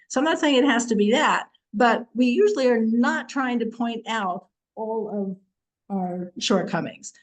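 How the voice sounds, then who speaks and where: A middle-aged woman teaching a casual Torah class, chatty and expressive, acting out the verses with humor. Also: on the high side, moderate pace, low-quality recording.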